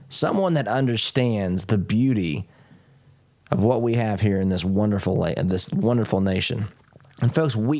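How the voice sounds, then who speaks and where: A man's voice: mid-range voice, a little mellow. A man hosting a political talk show, speaking emphatically and often repeating phrases, with folksy asides to his listeners. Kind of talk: political commentary monologue.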